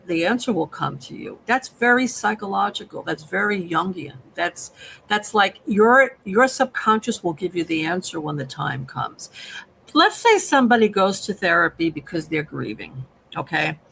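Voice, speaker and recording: Lively, gravelly man explaining. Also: high-pitched, normal speed, slight background noise, poor audio. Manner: explains in a therapist-like way, many restarts and "okay?" checks. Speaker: film review co-host. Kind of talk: live casual review chat.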